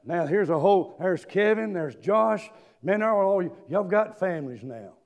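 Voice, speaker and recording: An older man preaching a sermon, telling folksy stories with drawn-out fillers and climbing into shouts. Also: lively intonation, muffled recording. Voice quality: high-pitched, rising to shouts. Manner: folksy storytelling, drawling fillers.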